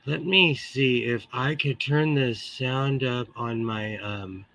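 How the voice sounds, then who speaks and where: A middle-aged man with a shrill voice hosting a casual live stream from his home sewing room on a computer microphone, chatty and laughing as he greets viewers by name. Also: slow, gravelly, sharp tone.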